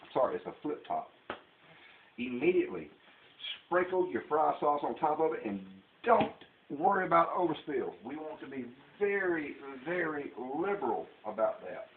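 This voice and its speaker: A man's voice: a little high, very animated, normal speed, a little hiss or hum. Folksy Southern man in a tinny, echoey kitchen. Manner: folksy, rambling, jokey. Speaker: home cooking vlogger. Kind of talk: casual kitchen demonstration. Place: home kitchen. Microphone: camera mic.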